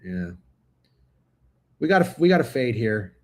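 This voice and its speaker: A man's voice: high-pitched, wildly swooping pitch, a little slow, pauses often, darkish tone. A man hosting a sports betting livestream, talking casually and profanely, speaking straight to his chat. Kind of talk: casual live-stream chat.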